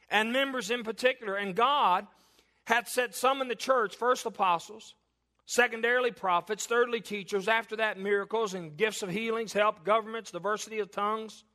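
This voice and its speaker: In church, a pastor whose voice sits high delivers a sermon. He first reads scripture with slow emphasis and then shifts to a hushed prayer.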